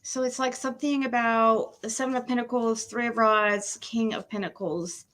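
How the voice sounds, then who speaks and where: A woman's voice: fairly high pitch, steady tone, moderate pace, fairly bright tone. A woman doing a casual tarot-reading livestream at home, emotional and nervous, laughing between readings and talking to her pet.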